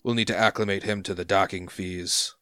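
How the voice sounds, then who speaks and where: A man voicing a gruff dwarf harbor master who is curt and dismissive, in a tabletop game. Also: low-pitched, steady tone, a little fast, bright, forceful tone, no echo, studio quality. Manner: brusque, impatient.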